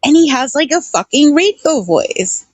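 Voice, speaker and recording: A high-pitched woman talks loosely on an online panel, chatty and quick to laugh. Her talk is full of fillers and restarts. The sound is close and dry, with no room around it. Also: very animated, no echo. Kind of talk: casual panel chat.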